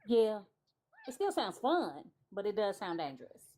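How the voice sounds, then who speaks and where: A woman chats casually on a livestream, musing aloud and turning ideas over as she goes. Her voice sits at an ordinary middle pitch. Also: big pitch swings, measured pace, warm tone. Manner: chatty, musing, thinks aloud.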